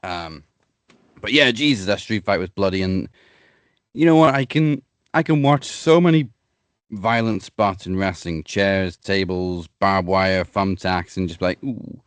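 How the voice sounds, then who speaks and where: A man with a fairly low voice talks about wrestling with animated emphasis. The recording is dry and close, with no room sound. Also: unhurried, clear, resonant tone, dry recording. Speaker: podcast co-host. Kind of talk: casual wrestling chat.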